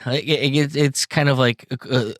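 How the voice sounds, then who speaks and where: Casual host: mid-pitched man, loose, sweary, joking, dry close mic. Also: fairly even intonation, normal speed, a bit bright, dry recording. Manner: rambling, profane, joking. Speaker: podcast host. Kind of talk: casual chat.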